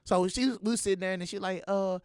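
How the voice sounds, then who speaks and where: A man's voice: high-pitched, very fast, dry recording, studio quality. A man hosting a podcast, telling stories in casual chat and often saying "you know what I'm saying". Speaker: podcast host.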